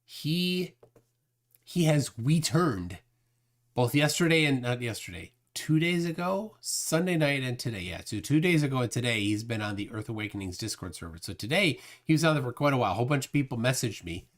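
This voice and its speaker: A man's voice: mid-range voice, very animated, a little fast. A man hosting a casual livestream, reading viewer comments aloud and rambling with lots of fillers. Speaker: livestream host reading chat.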